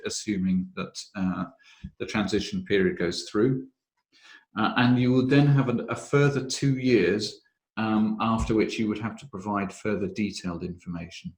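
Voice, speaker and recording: A webinar presenter on health and safety law, this man has a low, slightly mellow voice and talks through regulations in an echoey room. His delivery is methodical and measured, often punctuated by "uh."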